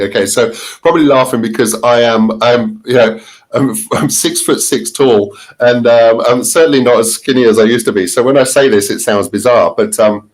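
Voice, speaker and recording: Middle-aged British man, interview guest, chatty, laughs a lot, mid pitch. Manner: chatty, laughs often, many restarts. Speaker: interview guest, marketing consultant. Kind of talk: casual interview answers.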